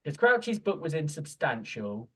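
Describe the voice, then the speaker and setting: A man with a fairly high voice that leaps up and down as he rants. He swears freely and plays up mock outrage in casual podcast chat. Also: very animated, normal speed, a crowd in the background. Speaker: podcast co-host. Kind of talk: casual comic book-review chat.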